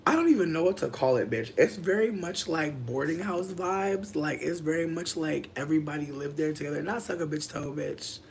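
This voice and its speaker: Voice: medium pitch, moderate pace, vocal fry, few pauses. A young adult streamer in casual livestream chat, telling a loose, profane story. The speaker rambles through fillers and hops between the story and comments from viewers. A faint hiss sits under the voice. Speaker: content creator.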